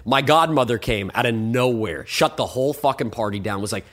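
A man who is a guest on a podcast, telling stories in an animated, joking, sometimes defensive way. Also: mid-range voice, brisk. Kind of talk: casual podcast chat.

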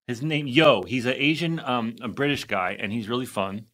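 Man, co-host, bright voice, chatty and easygoing, casual talk. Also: mid-range voice, moderate pace. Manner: easygoing, chatty, self-deprecating. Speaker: podcast co-host. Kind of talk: casual chat.

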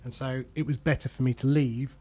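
A man's voice: medium pitch, steady tone, a little fast, mellow. A middle-aged man hosting a podcast, chatting casually and telling self-deprecating stories from his career. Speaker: podcast host. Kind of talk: casual conversation.

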